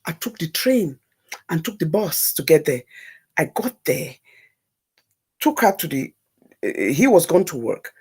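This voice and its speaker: A woman telling an emotional personal story as a talk-show guest, animated and repeating phrases for emphasis. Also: sits low, measured pace, pauses often, breathy edge.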